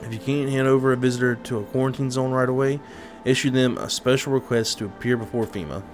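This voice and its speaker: A man reading out an emergency radio bulletin from a game in an even, formal voice. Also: medium pitch, fast talker, soft background music, close to an everyday voice. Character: emergency radio news announcer, official and formal.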